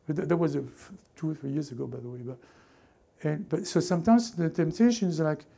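A man preaching a sermon with fervent, repetitive call-and-response urging, swinging between loud exhortation and hushed asides. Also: fairly high pitch, animated, moderate pace, gravelly.

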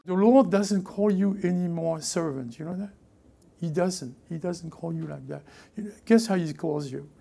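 A man with a French accent preaching a sermon as pastor, emphatic, repeating key phrases and dropping into hushed asides. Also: fairly high pitch, normal speed, vocal fry, breathy edge, soft background music.

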